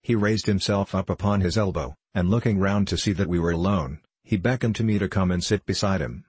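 A man reading a story aloud in a measured, even narration with a husky voice. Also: low voice, no echo. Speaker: audiobook narrator. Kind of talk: scripted narration.

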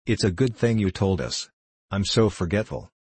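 A proud, abrupt recluse speaks in hot, rapid bursts, as a man reading the book puts him on. The voice is deep and husky, with a close, dry sound. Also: darkish tone, dry recording. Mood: flustered.

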